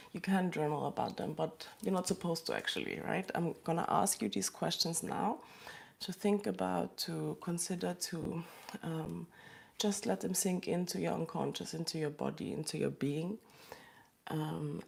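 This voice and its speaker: A woman hosting a live stream from a small closed room, talking softly and haltingly with pauses and sighs. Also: lowish voice, vocal fry. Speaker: livestream host. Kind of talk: emotional live chat.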